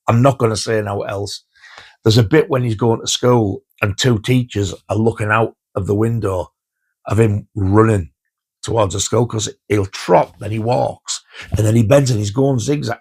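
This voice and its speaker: In a casual home vlog, a film reviewer in his fifties chats about the movies he's been watching. His low voice has a gravelly, husky edge, and at a moderate pace he gets enthusiastic, laughing as he retells favourite scenes.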